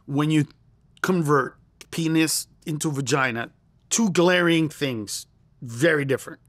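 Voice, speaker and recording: A man's voice: a little high, measured pace, a bit bright, no echo. A middle-aged man, a comedian and interview guest, telling a story with lots of energy and acting out quoted lines in a raised voice. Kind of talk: animated storytelling.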